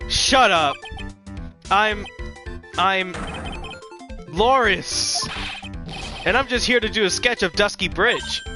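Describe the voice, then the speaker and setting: A man's voice: sits high, lively intonation, slow pace, long pauses, over music. A man doing a flustered, stammering young guy. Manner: stammering, nervous.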